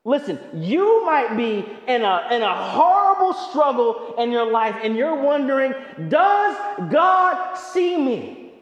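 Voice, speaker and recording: High-voiced, animated male preacher. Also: measured pace, hardly any pauses, echoey room, in a large hall, dull audio. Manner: emphatic, conversational, humorous. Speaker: pastor. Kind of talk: sermon.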